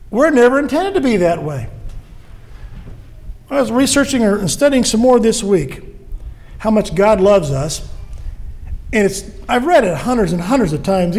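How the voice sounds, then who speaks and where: A man's voice: very high-pitched, a little mellow. A man preaching a sermon in an earnest way, acting out quoted voices as he goes.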